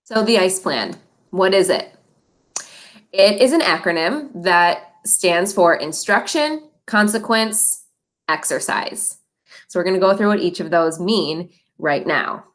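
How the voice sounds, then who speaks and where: A woman's voice: fairly low pitch, lively intonation, takes it slowly, pauses often, fairly bright tone. A middle-aged woman presenting a parent training, friendly and encouraging, with light laughs between points.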